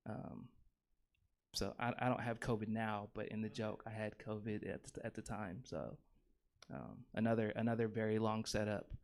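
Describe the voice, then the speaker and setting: A man's voice: fairly low pitch, level tone, normal speed, darkish tone. A man in his thirties performs stand-up on a comedy theater stage, speaking into a handheld mic. His delivery rambles, with constant ums and likes and self-mocking asides about his own long setups. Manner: rambling, filler-heavy, self-deprecating.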